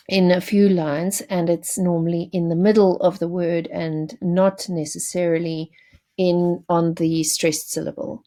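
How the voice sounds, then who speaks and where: Low and dark, this female teacher's voice carries a recorded poetry lesson. Speaking directly to her students in an explanatory manner, she uses fillers and self-corrections.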